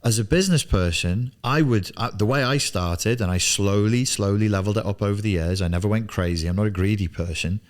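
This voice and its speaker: A man in his forties coaching on business in a blunt, emphatic studio monologue, swearing freely and repeating words for emphasis. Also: lowish voice. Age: 40s. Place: television studio.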